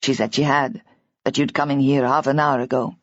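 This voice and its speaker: A woman reading an audiobook, voicing a gruff, agitated young man who scolds and then softens. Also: extremely low pitch, fairly even intonation, fairly quick, no room sound, pitched below the performer's own voice. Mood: scolding. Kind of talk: audiobook character voice. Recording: dull, dry audiobook recording.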